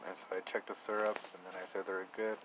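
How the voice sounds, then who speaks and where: A young man telling a personal story in a reflective, rambling way, with many halting restarts. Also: deep voice, flat delivery, heavy background noise. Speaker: vlogger.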